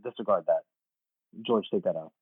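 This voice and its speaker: A man's voice: deep voice, normal speed, breathy edge, dry recording, phone-quality sound. A man co-hosting a podcast over an online call, talking in a jokey way and laughing into his own sentences. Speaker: podcast co-host. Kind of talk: casual book discussion chat.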